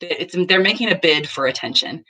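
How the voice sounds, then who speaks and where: In from the garden, a woman in her thirties sits at home and talks casually about parenting for her vlog. She's earnest and acts out small exchanges of dialogue. Her voice is fairly low, bright, forceful and husky, animated and a little fast.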